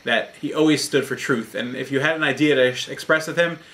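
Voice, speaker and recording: A man's voice: medium pitch, brisk, fairly bright tone. A man, a rabbi, giving a short Torah talk in an earnest, explanatory storytelling manner.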